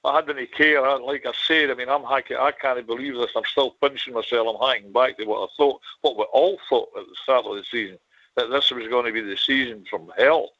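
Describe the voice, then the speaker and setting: A panelist with a mid-pitched voice who rambles and restarts his sentences. The audio is somewhat dull and lo-fi. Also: steady tone, a little fast, bright, forceful tone. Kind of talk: casual radio chat.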